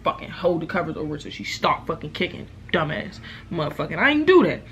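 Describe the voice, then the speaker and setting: A young woman vlogger, telling a storytime in casual, profane talk, loudly acting out what people said. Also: low voice, quick pace, a little hiss or hum. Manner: animated, profane, acts out quotes loudly. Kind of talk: casual storytime while eating.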